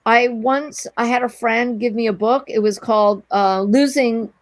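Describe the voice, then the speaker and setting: Animated woman telling a story. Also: fairly high pitch, a little slow, no echo. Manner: animated, breathless anecdote telling with quoted dialogue. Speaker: guest, entrepreneur. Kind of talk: storytelling in a casual interview.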